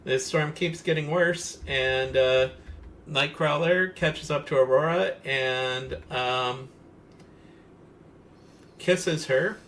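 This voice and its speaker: A man's voice: a little high, takes it slowly, long pauses, fairly bright tone, slight background noise. A man co-hosting a podcast, walking through comic-book details analytically with frequent ums and uhs. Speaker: podcast co-host. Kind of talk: casual comic-book discussion.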